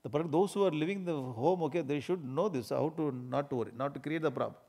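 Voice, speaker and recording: Fast and animated, a man with an Indian English accent and a slightly high voice gives a funny spiritual discourse. He laughs frequently and plays out everyday scenes to drive home what he means.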